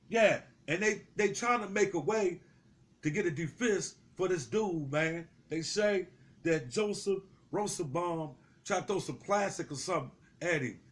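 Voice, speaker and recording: Heated high-voiced man ranting profanely. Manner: heated, confrontational, swearing, repeating himself. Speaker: street commentator. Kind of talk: profane street commentary to camera.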